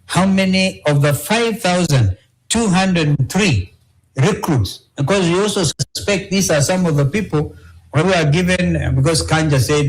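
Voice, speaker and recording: A Kenyan-accented man speaks as an opposition politician in an interview. He is emphatic, repeats his points and keeps asking "all right?". His voice sits a little on the high side. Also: unhurried, low-quality recording.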